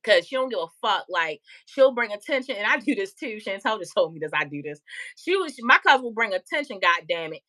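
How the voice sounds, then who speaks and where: A woman tarot reader chatting casually on a live stream, loud and profane, often laughing and talking back to her chat. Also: mid-range voice, big pitch swings, a little fast.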